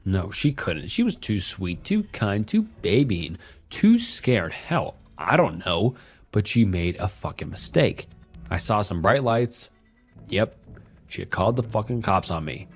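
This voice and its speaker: A man's voice: lowish voice, sing-song, unhurried, slightly rough, faint music behind, exaggerated voice. A man voicing a drunk, violent, self-pitying husband who rambles and swears crudely through a horror story. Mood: bitter, rambling.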